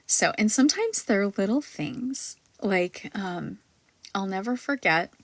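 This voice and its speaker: A woman past middle age who has a granddaughter, hosting a spiritual panel in casual, rambling talk full of ums and likes, sometimes dropping to a soft near-whisper. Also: medium pitch, animated, slow, no room sound. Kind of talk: casual live-stream talk.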